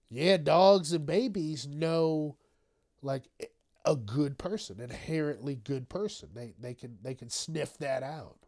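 Casting note: male podcast host, slow drawl, slightly high voice, rambling and profane. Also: darkish tone. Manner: rambling, profane, trails off and mumbles. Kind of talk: casual solo news commentary.

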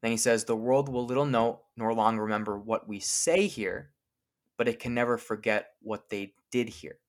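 Man explaining famous speeches. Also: on the low side. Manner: clear, lecturing, quotes speeches slowly. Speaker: podcast co-host. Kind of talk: explanatory podcast talk.

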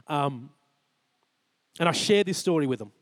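Australian man, 40s, sermon, earnest personal storytelling, acts out dialogue, higher-pitched, dry mic. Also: expressive, unhurried, no room sound. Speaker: preacher. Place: church.

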